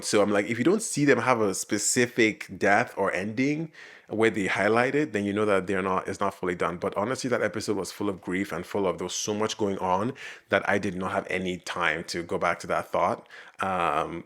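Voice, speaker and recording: This man's voice sits on the low side and has a bit of brightness. Hosting a reaction video, he gives loose commentary on a TV episode, stumbling through fillers and restarts while laughing frequently.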